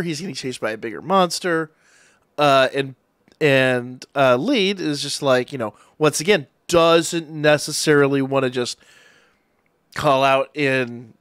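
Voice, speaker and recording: Excitable man recapping an anime episode. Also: mid-range voice, no echo, clean studio sound. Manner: excited, rambling retelling with acted-out quotes. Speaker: anime reviewer.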